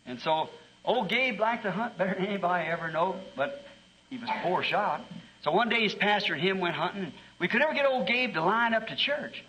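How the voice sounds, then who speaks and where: A man's voice: high-pitched, animated, brisk, pushed and bright, a little hiss or hum, low-quality recording. A middle-aged man preaching a sermon in a fervent, folksy way, telling a story and often repeating his words.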